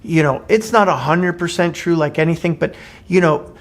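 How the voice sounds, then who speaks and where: A man's voice: a little high, moderate pace. A man co-hosting a podcast, talking earnestly in casual chat, often repeating words as he starts a sentence, and retelling a short fable. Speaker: podcast co-host.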